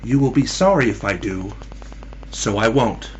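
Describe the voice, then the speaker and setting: A man voicing a quiet, sad young bride who answers in a hushed, flat voice, in a spooky story. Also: on the low side, unhurried, highs cut off, soft background music, pitched below the performer's own voice. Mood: quiet, ominous.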